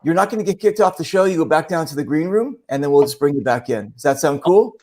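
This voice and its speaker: Animated and talking fast, this show host has a slightly high voice with a darkish tone. He tells stories on his casual online show in a rambling way, packed with fillers and impressions of other people's voices.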